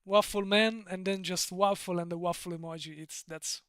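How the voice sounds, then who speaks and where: A man's voice: high voice, little pitch movement, a little fast, no room sound. A man with an Italian accent chatting casually on a live stream, rambling, digressing and laughing often. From Italy.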